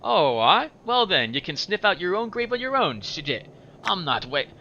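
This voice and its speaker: A sharp-tongued young half-demon woman with a tail, all scorn and a rough brogue, voiced by a man in a higher pitch. The voice is bright and swings lively up and down. It sounds a little dull, with faint game music behind. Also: moderate pace, a little hiss or hum, exaggerated voice. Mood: impatient.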